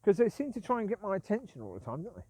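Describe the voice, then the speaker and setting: A man with a slightly high voice rambles through a casual vlog monologue. He sounds aggrieved and keeps justifying himself, looping back to the same points. The sound is dry, with little room around it. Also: huge pitch swings, rapid-fire, dark tone, husky, no echo. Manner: repetitive, aggrieved, self-justifying. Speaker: vlogger.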